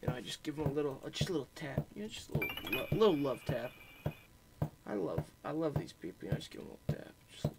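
A man's voice: mid-range voice, very animated, very fast, vocal fry, heavy background noise. A young man giving profane, joking commentary while playing a game for his channel. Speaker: gaming YouTuber. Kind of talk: let's play commentary.

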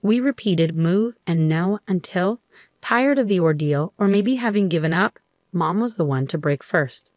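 A woman reading a first-person story aloud as narrator in a steady, even way. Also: lowish voice, measured pace, no echo, clean studio sound.

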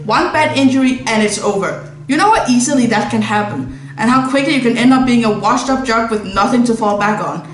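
Casting: earnest, persuasive young male tutor read by a woman, fairly high pitch, roomy sound. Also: a little fast, few pauses, close to an everyday voice.

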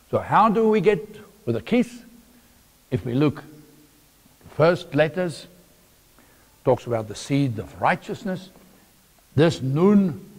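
A man preaching a sermon, emphatic and halting, with long pauses between phrases. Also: a little high. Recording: long hall reverb.

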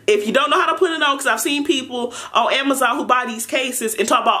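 A young adult woman chatting through a casual unboxing vlog, excitable and playful with lots of slang. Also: fairly high pitch, moderate pace, hardly any pauses. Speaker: vlogger.

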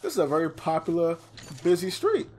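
A young man giving excitable, slangy let's-play commentary while gaming. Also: fairly high pitch, fairly quick, faint music behind. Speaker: gamer.

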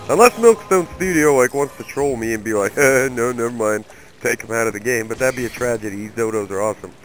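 A man's voice: on the high side, slight background noise, rough recording. A young man hosting a let's play, giving angry, profane, rambling commentary while he plays. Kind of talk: profane gaming commentary rant.

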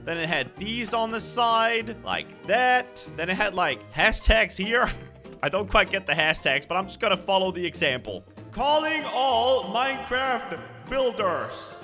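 A young man hosting a gameplay video, commentating in an excitable, dramatic way. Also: sits high, moderate pace, faint music behind. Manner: excitable, dramatic, shrieks at scares. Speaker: gaming video host.

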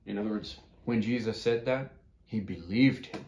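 A man's voice: fairly low pitch, normal speed, a little mellow, slight background noise. A man teaching a children's Bible class, telling a story and asking his listeners questions. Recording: echoey room.

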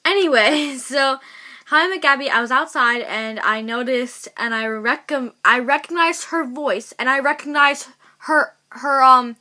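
A woman telling a storytime vlog to camera, excitable and rambling, with many restarts and repeats. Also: high voice, a little slow. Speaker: vlogger.

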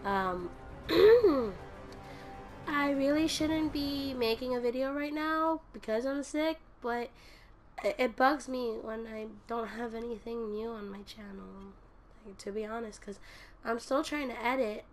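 Hoarse sick woman chatting while gaming. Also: a little high, measured pace, faint music behind. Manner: rambling and self-deprecating. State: hoarse from a cold. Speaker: gaming YouTuber. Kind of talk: casual commentary while playing.

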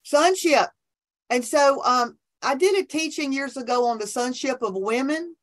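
A woman's voice: high-pitched, moderate pace. A woman talking about faith in an enthusiastic, preachy way on a remote call from her office, often restarting her sentences. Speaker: podcast guest, minister. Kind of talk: animated faith conversation.

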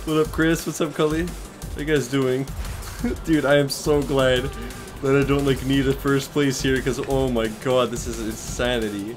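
A young man giving casual, excitable gameplay commentary, swearing and laughing often as he plays. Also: mid-range voice, normal speed. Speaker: gaming streamer. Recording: loud game music behind the voice. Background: game music.

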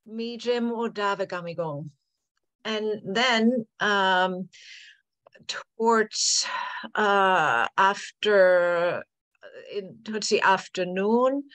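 Very slow woman searching for words. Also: fairly high pitch, a bit bright. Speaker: student. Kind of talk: online language class. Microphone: video call.

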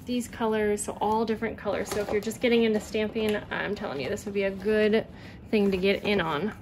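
A woman in a casual vlog, talking quickly and loosely through her craft supplies, with lots of fillers. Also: medium pitch, fairly even intonation. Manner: chatty, quick, rambling with fillers. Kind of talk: casual show-and-tell vlog. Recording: loud background noise.

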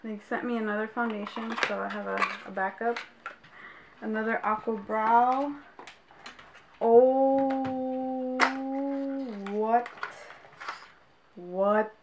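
A young female beauty vlogger unboxes makeup in a casual video, gushing with exclamations and addressing her viewers directly. Her fairly high voice stays fairly even in tone, delivered slowly with long pauses. Background noise is clearly audible.

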